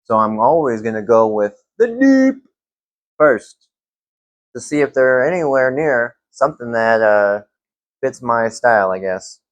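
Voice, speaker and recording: A young man reviewing fragrances in a casual vlog, relaxed and rambling with lots of fillers. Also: mid-range voice, measured pace, no echo, highs cut off.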